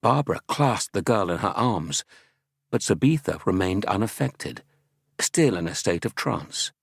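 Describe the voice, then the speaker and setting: Husky, low-voiced male narrator. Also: measured pace, dry recording, clean studio sound. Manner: steady, dramatic storytelling. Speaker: audiobook narrator. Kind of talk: scripted audiobook narration. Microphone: close studio mic.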